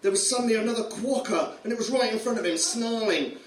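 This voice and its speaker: A high-voiced man reads a gory comic story aloud, amused and often chuckling. The room is echoey and the mic is set far away. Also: fast talker, a little hiss or hum. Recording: roomy room, distant mic.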